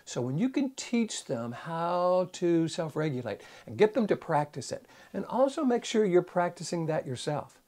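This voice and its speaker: A man who works as a psychologist, giving a conversational, animated teaching talk to camera in a folksy way. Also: fairly high pitch, normal speed, hardly any pauses. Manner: animated, acts out little parent-child dialogues. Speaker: psychologist and speaker.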